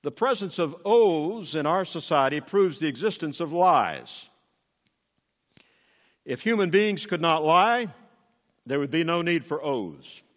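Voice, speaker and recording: A man's voice: on the high side, sing-song, measured pace, a bit bright, long reverb tail. An older man preaching a sermon as pastor, emphatic and rising on key words.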